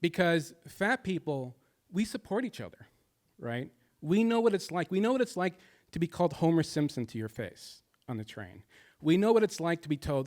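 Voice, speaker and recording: Slightly high-voiced storytelling man. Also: sing-song, normal speed, a little mellow. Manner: confessional, shifts from jokes to somber. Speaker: stand-up comedian. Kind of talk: stand-up storytelling.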